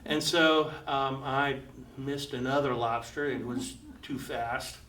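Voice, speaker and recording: A man's voice: mid-range voice, steady tone, slow pace, sharp tone. An older man telling a personal adventure story to a live audience, chuckling often and acting out the voices of the people in it. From United States. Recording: roomy, slightly distant, faint background hum.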